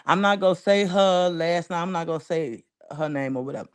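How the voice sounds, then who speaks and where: A woman's voice: lowish voice, brisk, smooth. A woman from the Chicago area chatting casually on a livestream, rambling and emotional, thanking viewers by name. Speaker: livestream host.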